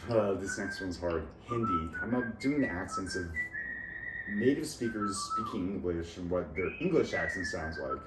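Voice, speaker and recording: A vlogger with a low-pitched, animated voice talks alone at a measured pace, rambling and jumping between topics about accents and his language lessons while laughing at his own jokes. The room is echoey and noisy, with him far from the mic.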